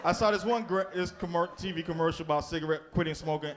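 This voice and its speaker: A high-pitched man doing stand-up in a comedy club, telling profane stories with lively energy and talking to the crowd. The live recording carries a lot of noise. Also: fast talker. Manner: profane, animated storytelling with crowd work.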